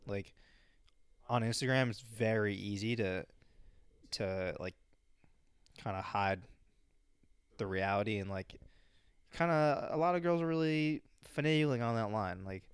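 A man's voice: lowish voice, animated, measured pace, pauses often, clean tone, no room sound. A young man co-hosting a podcast in casual chat, giving dry, teasing retorts. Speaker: podcast co-host.

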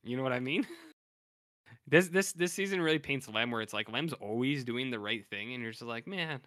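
A man's voice: medium pitch, brisk, sharp tone, no room sound, studio quality. A man co-hosting a podcast in casual chat, animatedly retelling episodes and acting out what characters say. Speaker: podcast co-host.

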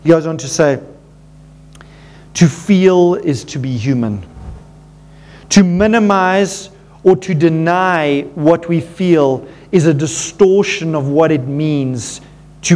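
A man preaching a sermon as pastor, earnest and animated, calling his listeners folks and dropping low and quiet at tender moments. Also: slow.

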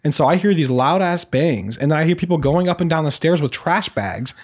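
A man's voice: on the high side, expressive, brisk. A young man casually telling a story, rambling with many fillers and restarts.

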